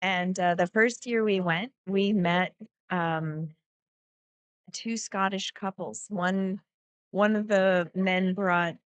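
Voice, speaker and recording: Relaxed woman sharing anecdotes. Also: medium pitch, slow, clean tone, no room sound. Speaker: guest co-commentator. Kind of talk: casual chat.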